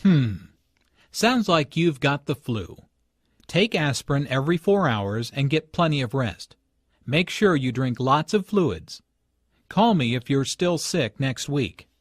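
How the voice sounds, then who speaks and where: A man playing a calm doctor in a slow, measured scripted language-learning dialogue. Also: mid-range voice, dry recording, studio quality. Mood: advising. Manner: slow, measured textbook delivery. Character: calm adult male doctor.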